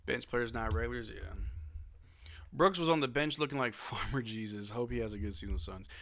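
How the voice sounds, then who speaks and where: A man's voice: mid-range voice, brisk, creaky, fairly bright tone. A young man hosting a casual live watch-along, calling the plays as a fan with laid-back, resigned asides. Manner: laid-back, resigned, swears then apologizes. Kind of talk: casual fan play-by-play commentary.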